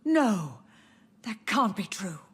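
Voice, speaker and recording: A woman's voice: medium pitch, sing-song, slow pace, husky, heavily acted. A frail, grieving old mother. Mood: wistful. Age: older. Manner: wistful, soft, drifting. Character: elderly grieving mother, confused and tender. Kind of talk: video game voice acting.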